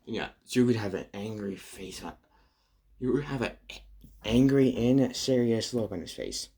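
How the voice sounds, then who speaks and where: A man narrating an improvised fan story, halting and full of fillers, with a husky voice. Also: on the low side, expressive, dark tone. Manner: halting, filler-heavy, many restarts.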